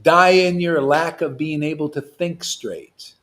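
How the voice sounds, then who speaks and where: Animated man preaching with a raised voice. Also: a little high, unhurried. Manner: animated and provocative, swings from loud to hushed, laughs often. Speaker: spiritual teacher. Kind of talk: informal devotional preaching.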